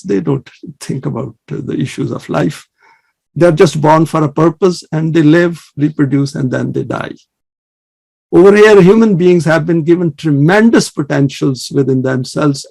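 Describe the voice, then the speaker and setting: A man giving an earnest, measured religious lecture and reciting scripture quickly in between. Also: on the high side, gravelly, darkish tone. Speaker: Islamic study presenter.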